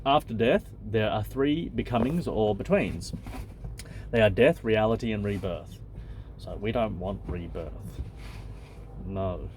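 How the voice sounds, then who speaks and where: A man's voice: on the low side, animated, unhurried, pauses often, a little mellow, slight background noise. A man, a channel host who reads a spiritual text aloud and comments on it in a blunt, loose and conversational way, swearing freely.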